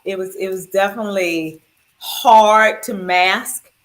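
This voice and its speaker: A woman's voice: medium pitch, slow. Heartfelt woman telling her story. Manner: animated, heartfelt, acts out quotes. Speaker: breast cancer survivor, school administrator. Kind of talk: emotional personal storytelling.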